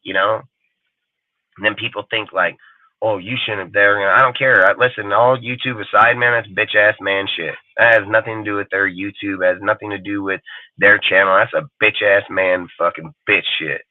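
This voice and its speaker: Here a man with a lowish, fairly even voice at moderate pace runs a live show of profane ranting, cursing constantly, angry, and mocking people's voices. The audio is tinny, phone-like and dry, with no echo.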